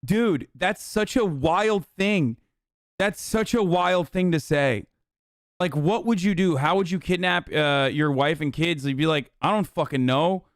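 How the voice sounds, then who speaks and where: A man's voice: fairly high pitch, a little slow, no echo, studio quality. A man streaming a reaction to a crime video, talking casually with lots of swearing, incredulous and worked up. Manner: profane, incredulous, animated rants.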